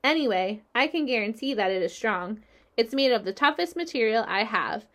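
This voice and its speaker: A woman voicing a gentle, wise female spider who sounds weak and tired, speaking softly. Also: a little high, lively intonation, moderate pace. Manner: soft and quiet.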